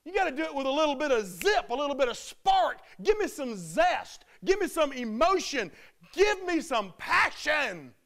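A man preaching a sermon with emphatic delivery, building to loud shouted peaks. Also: very high voice, sing-song, normal speed, creaky.

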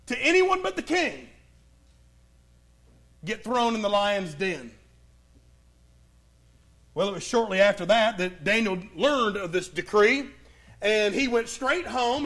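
A man with a very high voice preaches a sermon, telling a Bible story with dramatic pauses. He swings from a raised, urgent voice down to near hushes.

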